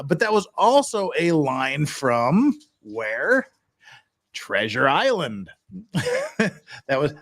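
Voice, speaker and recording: A man hosting a live stream, reading viewer messages and making joking, rambling asides. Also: mid-range voice. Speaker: streamer reacting to hearings. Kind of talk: casual live-stream commentary.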